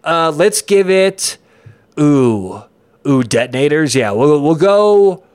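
A man co-hosting a podcast, telling a story in a playful, animated way with quick asides. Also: fairly high pitch, clear, resonant tone, dry recording. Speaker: podcast co-host. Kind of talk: casual chat.

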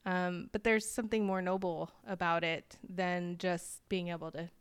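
Chatty woman host, smooth voice. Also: on the low side, moderate pace, dry recording. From United States. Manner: chatty storyteller, animated when quoting others. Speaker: podcast co-host. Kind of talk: casual conversation.

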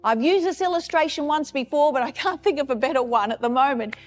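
High-voiced woman pastor preaching. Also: quick pace, soft background music. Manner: earnest, emphatic preaching with repeated phrases. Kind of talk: sermon.

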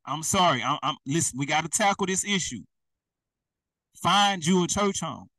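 Young preacher guy, high bright voice, chatty and laughing, sounds a bit far off. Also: moderate pace, dry recording. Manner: lively, conversational, laughs often. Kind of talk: sermon.

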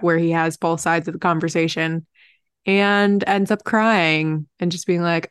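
A woman co-hosting a podcast, recapping a TV episode in a relaxed, wry, casual chat. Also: fairly low pitch, normal speed, smooth, no room sound, clean studio sound. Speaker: podcast co-host.

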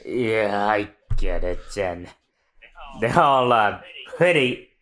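Wry, lively podcast co-host. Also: medium pitch, slow, slight background noise. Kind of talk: casual chat, reading manga aloud.

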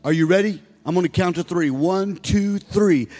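Brief: man in his sixties, pastor, fairly high voice, preaching with long church reverb and soft music behind. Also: moderate pace, few pauses. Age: 60s. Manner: preaching, rising to loud exhorting. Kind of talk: sermon. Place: church sanctuary.

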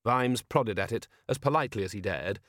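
Calm male audiobook narrator. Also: fairly low pitch, brisk, no echo, studio quality. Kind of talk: scripted narration.

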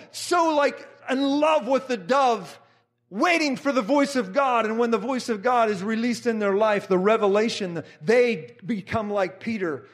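A middle-aged man preaching a fervent sermon, repeating phrases and rising to shouts. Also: very high voice.

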